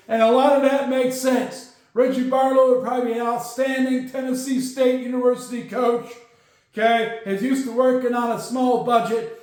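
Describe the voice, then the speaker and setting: A man's voice: very high voice, darkish tone. A man hosting a solo sports podcast, ranting his opinions and tagging points with "okay?". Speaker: podcast host. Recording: very echoey room.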